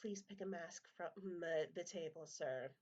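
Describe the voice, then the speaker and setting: A woman's voice: lowish voice, a little mellow, muffled recording. A woman voicing a formal, courteous cat-person steward at a masked party. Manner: courteous, measured, stiffly formal.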